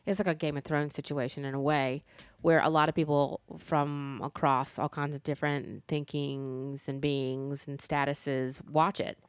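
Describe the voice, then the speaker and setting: A woman chatting casually about a TV show, animated and talkative with playful sass. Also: deep voice, unhurried, dry recording. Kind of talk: casual chat reviewing a TV show.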